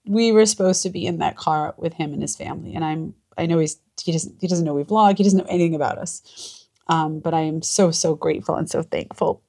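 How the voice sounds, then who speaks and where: A woman's voice: lowish voice, a little fast, dark tone. A woman vlogging from a small cabin, chatting in a gushing, emotional way. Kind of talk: casual chat.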